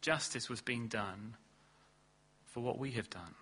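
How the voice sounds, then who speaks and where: Male preacher, bright and forceful tone, earnest sermon delivery. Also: breathy edge. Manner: earnest, rising to emphatic stresses then dropping low and slow. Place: church hall.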